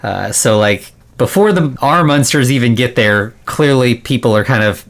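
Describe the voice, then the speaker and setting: A man's voice: mid-range voice, expressive, moderate pace. Rambling man recapping a movie. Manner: rambling, filler-heavy, laughs often. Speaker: podcast co-host. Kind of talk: casual movie recap chat.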